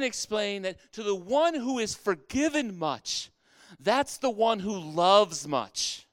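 A man's voice: high voice, animated, takes it slowly, fairly bright tone, no echo. A male pastor preaching a sermon in a conversational way, repeating phrases for emphasis.

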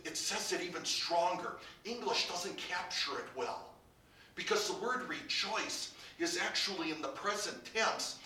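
Man, pastor, sermon, bright clear voice, slightly high, echoey room. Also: recorded from a distance. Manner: preaching with rising emphasis and soft drops. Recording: roomy, from off the mic.

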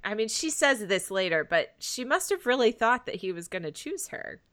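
A woman co-hosting a podcast, briskly recapping a TV episode and laughing easily. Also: fairly high pitch, sing-song, fairly bright tone. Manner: brisk summarizing, quick to laugh. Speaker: podcast co-host.

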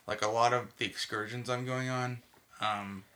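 Bright-voiced rambling man from Texas. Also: mid-range voice, fairly even intonation, normal speed. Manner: rambling, full of "like" and restarts. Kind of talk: casual chat.

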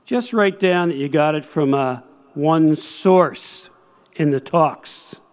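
A man's voice: fairly high pitch, slow. A man doing a confiding labor mediator. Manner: confiding, off-the-record tone. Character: friendly confiding male labor mediator, relaxed.

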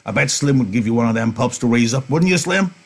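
A man's voice: mid-range voice, animated, quick pace, creaky. A man voicing a blunt, heavy-set, pushy male ranch hand, reading a novel aloud in class. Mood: insistent. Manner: loud, insistent, hard-pressing delivery.

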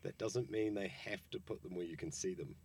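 A man in casual chat, joking and teasing, who breaks into quick asides. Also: sits low, steady tone, creaky, a little mellow, slightly rough.

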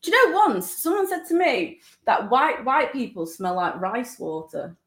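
A woman from Manchester with a Mancunian accent, co-hosting a podcast in blunt, animated casual chat. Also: on the high side, normal speed, echoey room, slight background noise. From Manchester, England. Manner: chatty, blunt and animated, lots of "like". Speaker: podcast co-host.

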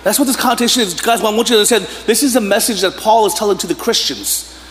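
A man's voice: sits high, fast talker, a bit bright. A man in his thirties preaching a sermon as pastor, telling casual, joking stories and often breaking into laughter. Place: church sanctuary. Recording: echoey church hall with faint room noise.

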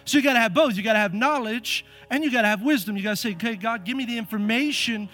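A middle-aged male pastor preaching a sermon in a church, animated and acting out the voices in his stories. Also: very high-pitched, quick pace, faint music behind. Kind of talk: sermon with storytelling. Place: church sanctuary.

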